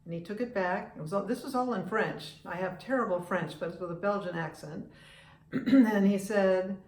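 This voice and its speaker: A woman in her seventies from the United States talks to camera on her own vlog, opinionated and chatty. She often breaks off and restarts her sentences. Her voice sits at an ordinary pitch, and the room around her is noticeably echoey. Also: fairly even intonation, moderate pace, darkish tone. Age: 70s. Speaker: vlogger and humorist. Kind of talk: casual talking-to-camera vlog.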